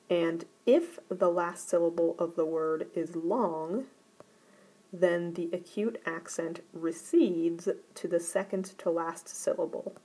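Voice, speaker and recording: A woman teacher giving a recorded grammar lesson, explaining rules in a careful, deliberate way. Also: lowish voice, warm tone, husky, rough recording.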